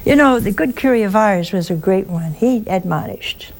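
A woman who is a nun, giving a storytelling sermon, slow and emphatic, with rhetorical questions and folksy asides. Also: medium pitch, expressive, slight background noise.

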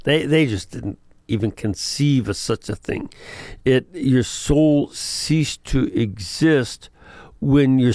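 Male priest, radio host, slow and measured delivery, dry close mic. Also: medium pitch, a little mellow, no echo. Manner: slow, thoughtful, halting with fillers. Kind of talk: call-in radio talk.

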